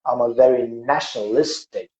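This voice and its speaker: A man hosting a podcast, retelling a spiritual parable with dramatic, preacher-like swells and hushes, emotional. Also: mid-range voice, moderate pace. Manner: emotional, voice breaking. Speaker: podcast host. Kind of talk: emotional storytelling conversation. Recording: echoey, dull lo-fi room.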